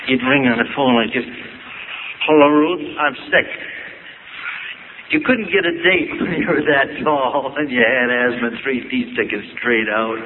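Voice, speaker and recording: An older man from Ohio telling reflective, wry stories about his youth, with gentle pauses and humor. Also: mid-range voice. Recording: tinny phone-like audio with noise.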